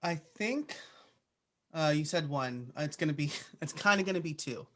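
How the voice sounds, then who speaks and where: A man's voice: on the high side, expressive, normal speed, bright, forceful tone. A man answering interview questions in a casual, chatty way, with plenty of "uh" and "like" fillers. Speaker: podcaster guest.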